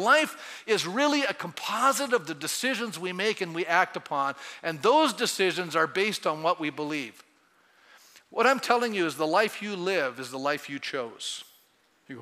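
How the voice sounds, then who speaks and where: A male pastor with a high, bright, forceful voice delivers an animated sermon, asking the congregation questions and acting out little quotes. His voice rings out through a church sanctuary with a long hall reverb.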